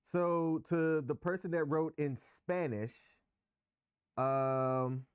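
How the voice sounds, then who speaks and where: A man's voice: a little high, very slow, clear, resonant tone, no room sound, studio quality. A man co-hosting a relationship podcast, talking candidly and with emphasis, explaining his views at length. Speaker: podcast co-host. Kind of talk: casual relationship chat.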